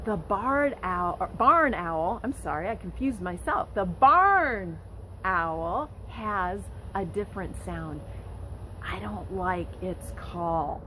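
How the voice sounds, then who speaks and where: Slow, expressive woman teaching children. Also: on the low side, slight background noise, rough recording. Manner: slow, expressive, speaking directly to young listeners. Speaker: park nature educator. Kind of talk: educational lesson for children.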